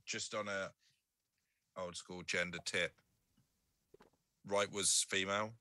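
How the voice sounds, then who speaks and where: A man playing a tabletop game as a guest, firing off jokey asides and quick questions. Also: deep voice, little pitch movement, pushed and bright, clean tone. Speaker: guest player.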